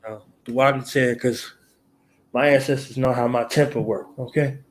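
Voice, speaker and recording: A man hosting a radio talk show, chatting in a laid-back, slang-heavy way and telling animated stories. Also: moderate pace. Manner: animated storyteller who mimics callers in a higher, louder voice. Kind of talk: casual chat.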